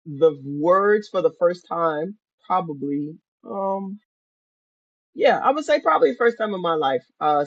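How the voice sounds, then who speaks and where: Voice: mid-range voice, a bit bright, husky, no room sound. An interview host with an enthusiastic, playful way of talking who asks questions conversationally. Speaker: podcast host. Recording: dull, dry lo-fi sound.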